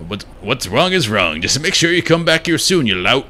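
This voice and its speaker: A man voicing a gruff, grumpy male bug shrine keeper who scolds loudly in a game. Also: medium pitch, sing-song, moderate pace, a little hiss or hum, pitched above the performer's own voice. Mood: grumbling. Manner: loud scolding, calls people louts.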